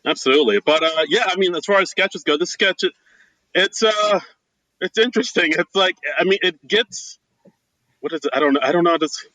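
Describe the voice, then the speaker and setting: A man co-hosting a casual podcast, talking loosely and haltingly with lots of "like" and "dude". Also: high-pitched, pushed and bright, no echo, low-quality recording. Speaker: podcast co-host.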